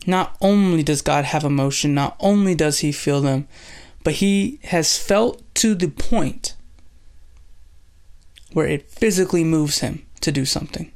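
A devotional host with a gravelly edge in the voice, speaking at a middle pitch. The teaching is casual and relaxed, with scripture retold in slang. Dialogue is acted out with shifts in voice. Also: a little slow. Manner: retells scripture in slangy everyday speech.

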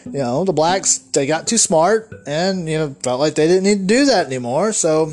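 A man's voice: fairly high pitch, expressive, moderate pace, darkish tone. A man delivering a solo podcast monologue, ranting in a rambling, profane way with lots of restarts. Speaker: podcast host.

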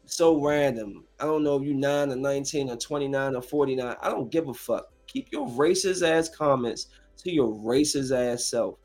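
A man's voice: medium pitch, moderate pace, few pauses, a little mellow, soft background music. A man in his thirties, a streamer, delivering a heated, profane, confrontational rant to his viewers. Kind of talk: angry rant to camera.

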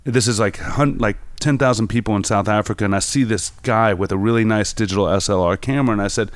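A man's voice: on the low side, fast talker, no room sound. A man, a photographer guest, telling rambling anecdotes in casual conversation with many fillers. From New York. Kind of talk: casual storytelling interview.

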